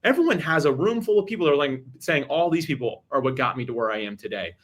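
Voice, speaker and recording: A man talking as a podcast guest, giving energetic advice in a rapid, emphatic way with frequent restarts. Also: mid-range voice.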